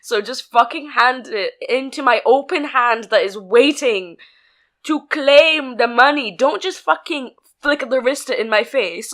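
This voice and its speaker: A woman's voice: high-pitched, a bit bright. A young woman, telling a story with laughter and swearing in a casual podcast chat. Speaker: podcast co-host.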